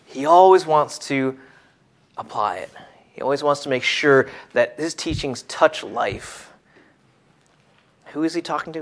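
A man preaching a sermon in an expressive way, dropping to hushed tones and then rising to emphatic points. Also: medium pitch, normal speed, long pauses.

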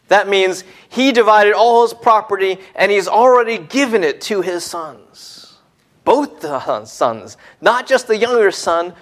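Man, preacher, sermon, slightly high voice, expressive, hushed to emphatic. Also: measured pace.

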